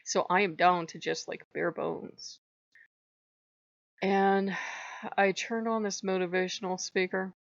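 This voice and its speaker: A woman channel host records a casual personal vlog that turns into an emotional confession, speaking slowly in a level, mid-range voice with vocal fry and long pauses. Having just cried, she is candid, swears freely, and laughs through it. The homemade mic sounds muffled, dull, and dry, with no room sound.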